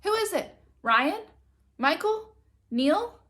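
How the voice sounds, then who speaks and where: A woman doing a cheeky excitable schoolboy. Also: extremely high pitch, slow, voice pushed up, full character voice. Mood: excited. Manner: bouncy, exaggerated storybook reading.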